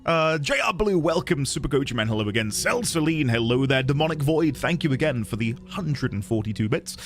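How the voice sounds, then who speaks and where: A man's voice: mid-range voice, expressive, fairly quick. A man streaming a game, chatting casually and greeting viewers by name.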